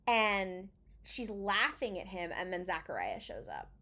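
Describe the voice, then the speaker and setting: Woman excitedly retelling a TV episode. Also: medium pitch. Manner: animated retelling, acting out lines in quick snatches, swears freely. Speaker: podcast co-host. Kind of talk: casual episode recap.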